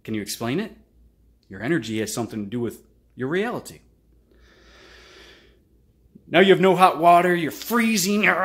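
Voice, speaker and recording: A man talks straight to his channel viewers in a loose, unscripted motivational monologue. His voice is pitched a little high for a man and swings widely up and down as he acts out cursing, frustrated outbursts between calmer stretches. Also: moderate pace, pauses often. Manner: animated, swears freely, acts out frustrated outbursts. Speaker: channel host.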